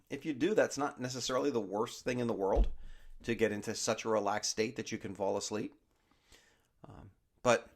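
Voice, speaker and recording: A man calmly talking listeners through a guided body scan meditation with slow spoken instructions. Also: fairly low pitch, vocal fry.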